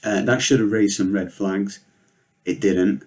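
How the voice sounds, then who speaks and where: A man, telling comedic stories in a deadpan, rambling, sweary way. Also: fairly low pitch, unhurried. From Northwest England. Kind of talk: comedic storytelling monologue.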